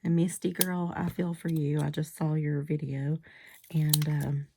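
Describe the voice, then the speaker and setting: A woman chatting casually in a crafting vlog while she makes cards, still getting over a cold. She rambles and often drops into soft, half-whispered asides. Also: sits low, little pitch movement, unhurried, a little hiss or hum. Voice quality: whiny-sounding. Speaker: crafting vlogger making cards.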